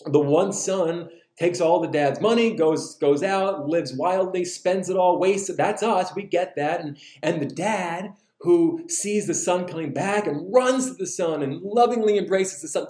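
A man's voice: high voice, measured pace, few pauses, darkish tone. A man preaching a casual, humorous sermon, acting out little scenes as he retells a parable. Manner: conversational, jokey, acts out scenes. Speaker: pastor. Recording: roomy echo.

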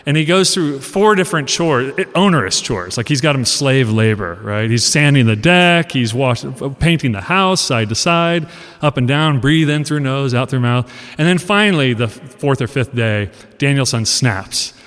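A college professor in his forties giving an animated, conversational talk, asking his audience questions and acting out lines. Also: mid-range voice, moderate pace. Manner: animated storyteller, acts out quoted lines. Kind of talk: casual lecture talk. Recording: long reverb of a hall.

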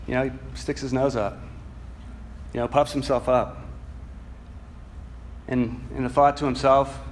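A man preaching a sermon, earnest and reflective, moving from soft musing to emphatic passages and reading scripture slowly. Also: medium pitch, a little hiss or hum. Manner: reads scripture slowly and deliberately.

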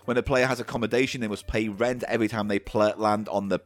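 A man's voice: fairly low pitch, steady tone, fast talker, faint music behind. A man, co-hosting and reading out board game rules in sardonic, swearing casual chat. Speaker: co-host playing a board game.

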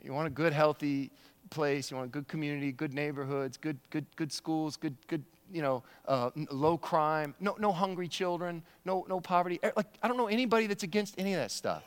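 A man's voice: fairly high pitch, brisk, clean tone, long reverb tail. A male pastor preaching a sermon in a conversational way, often repeating words and chuckling.

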